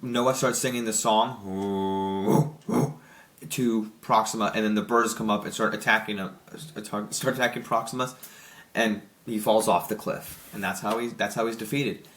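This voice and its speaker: A young man reviews a film in a loose, excited ramble, tripping over his words and restarting sentences. His voice sits a little low. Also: moderate pace. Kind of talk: casual spoken movie review.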